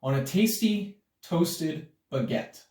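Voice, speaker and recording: A chirpy, proud little girl from a read-aloud storybook, as a man puts her on, her high voice leaping up and down with lively insistence. The sound is roomy and comes from a distance. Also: slow. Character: cheerful, proud girl who loves odd sandwiches.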